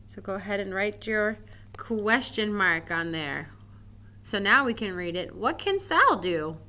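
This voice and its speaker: A woman teaching a recorded grammar lesson to first graders, gentle and encouraging, asking the children questions and reading example sentences slowly with exaggerated feeling. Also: medium pitch.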